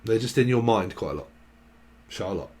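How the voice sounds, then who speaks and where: A man's voice: lowish voice, animated, moderate pace, noisy background. A man giving a casual, rambling tarot reading, full of slang and little acted-out chats. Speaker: tarot reader.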